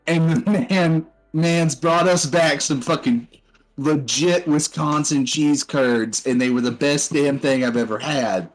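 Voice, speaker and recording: A man chatting casually during a break in a tabletop game, loose and excitable, swearing freely. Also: a little high, unhurried, faint music behind, poor audio.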